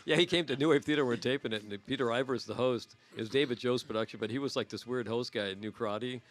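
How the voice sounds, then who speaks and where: A man's voice: medium pitch, fast talker. A man in his sixties, a guest musician, telling stories in casual chat. He laughs a lot and acts out what other people said.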